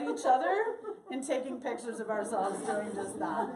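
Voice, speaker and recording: High lively lady telling a story slow and expressive, far from the mic in a big echoey church hall. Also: a crowd in the background. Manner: animated, expressive. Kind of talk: personal storytelling performance.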